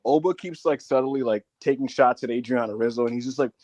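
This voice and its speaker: A man co-hosting a casual podcast, animated and laughing, often acting out quotes, on a close mic. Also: mid-range voice, fast, dry recording. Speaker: podcast co-host. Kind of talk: casual chat.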